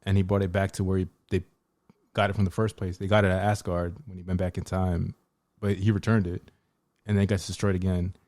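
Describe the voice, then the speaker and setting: A man co-hosting a podcast in casual movie review chat, hesitant and measured, often stammering as he starts. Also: low voice, little pitch movement, a little mellow, no echo, clean studio sound. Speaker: podcast co-host.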